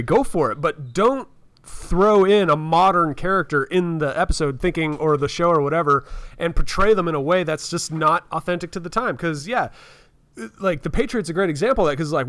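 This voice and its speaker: A man's voice: on the high side, lively intonation, a bit bright, dry recording. A man co-hosting a casual podcast, earnestly making his point and acting out characters' lines. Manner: earnest, quick to agree, acts out character lines. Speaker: podcast co-host.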